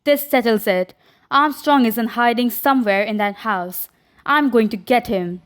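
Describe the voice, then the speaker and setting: A woman reading the lines of a calm, sardonic adult man in an audiobook. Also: a little high, normal speed, close to an everyday voice. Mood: grim. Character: cool, mocking adult man, an adventurer.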